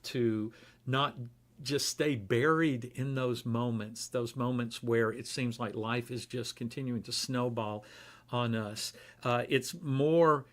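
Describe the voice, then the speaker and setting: Man giving an easygoing devotional talk. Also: mid-range voice. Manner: relaxed and conversational, with frequent fillers. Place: church.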